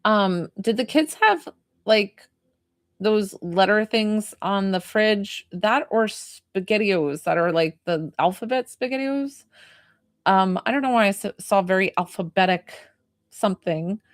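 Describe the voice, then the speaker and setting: A woman's voice: medium pitch, animated, measured pace, dry recording, clean studio sound. A young woman giving a live psychic reading, talking in a rambling, hesitant way full of fillers like "like" and "um.". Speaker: psychic medium.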